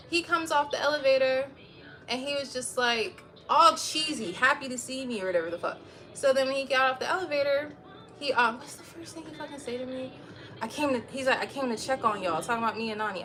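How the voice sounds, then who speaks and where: A woman streaming from home, chatting casually with her viewers and telling a story in a lively, profane way. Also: on the high side, a little hiss or hum. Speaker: live streamer.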